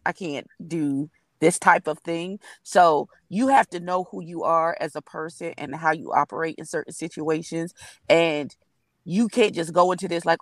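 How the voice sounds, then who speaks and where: A woman's voice: low-pitched, dry recording. A woman on a review panel, talking candidly and acting out little scenes while sitting in a car. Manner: candid, animated storytelling. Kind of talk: casual chat.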